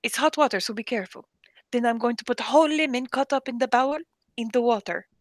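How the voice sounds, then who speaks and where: A woman's voice: fairly high pitch, quick pace, dry recording, voice pushed up, lightly acted. A woman putting on a bossy male restaurant manager with a heavy foreign accent and broken English. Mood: insistent. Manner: insistent, exasperated, broken English. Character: gruff middle-aged male restaurant boss with a thick foreign accent.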